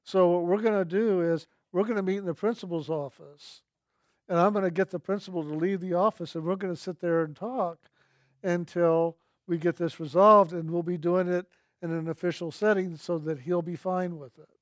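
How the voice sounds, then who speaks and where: Earnest male storyteller, higher-pitched, dry close recording. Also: steady tone, normal speed, dry recording. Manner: reflective, earnest, quotes others in his own voice. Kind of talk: personal storytelling.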